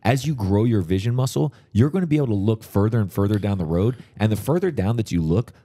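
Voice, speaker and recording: A man with a very deep, dark voice hosts a motivational podcast. He talks fast and sounds encouraging, with frequent words of agreement. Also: expressive. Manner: quick, encouraging, affirms often. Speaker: podcast host.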